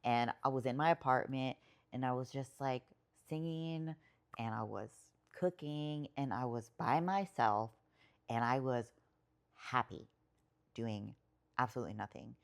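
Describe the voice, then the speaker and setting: A woman's voice: a bass voice, a little slow, vocal fry. A woman guest on a podcast, telling a personal story in casual, rambling talk full of fillers and swearing, emotional at times. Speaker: podcast guest, writer and poet.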